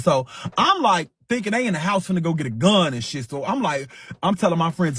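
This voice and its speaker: A man with a high, husky voice hosts a livestream and retells a brawl in loose, profane street talk. He acts the story out as he goes, throwing in sound effects and quick asides. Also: sing-song, fairly bright tone, dry recording. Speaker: livestream host.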